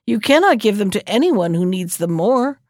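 A woman reading aloud voices a sly, quick-witted man who schemes in an urgent, raised tone. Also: medium pitch, very animated, darkish tone, no echo, studio quality. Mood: cheeky.

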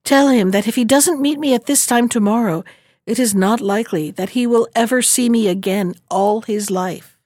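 A woman voicing a gentle, sorrowful young princess in an earnest, pleading storybook manner. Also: fairly high pitch, moderate pace, no room sound, studio quality, natural voice.

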